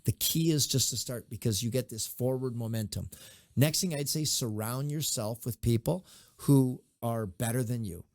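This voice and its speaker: Middle-aged male guest, mid-pitch, animated raconteur, dry studio sound. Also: moderate pace, no room sound. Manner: animated storyteller, acts out quoted voices. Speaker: mayor, interview guest. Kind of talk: conversational interview advice and storytelling.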